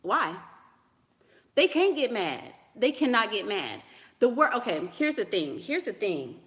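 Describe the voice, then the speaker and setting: This woman speaks a little slowly, with a mid-range, very animated and fairly bright voice. Answering viewers' dating questions, she's blunt, sassy and dismissive, laughing frequently, repeating lines for emphasis, and using "honey" and "girl" again and again.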